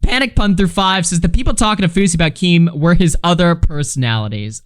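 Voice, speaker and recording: A man's voice: high voice, fairly quick, clean tone. A man live-streaming a casual reaction, swearing freely, laughing and reading chat messages aloud. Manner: loose, profane, laughing, reads chat aloud.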